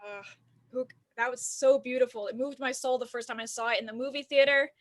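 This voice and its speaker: A woman's voice: fairly high pitch, fairly even intonation, a little fast. A woman hosting an online improv show, setting up scenes in a playful mock-earnest way. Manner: mock-earnest, chatty with fillers.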